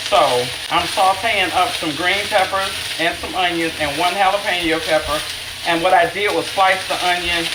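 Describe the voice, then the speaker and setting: Chatty middle-aged woman cook, livestreaming from an echoey home kitchen with a hissing pan behind her. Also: mid-range voice. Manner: chatty, talks to viewers by name, self-teasing. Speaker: chef hosting a home cooking stream. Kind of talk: live-streamed cooking demo, casual chat. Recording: echoey kitchen with loud sizzling. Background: sizzling skillet.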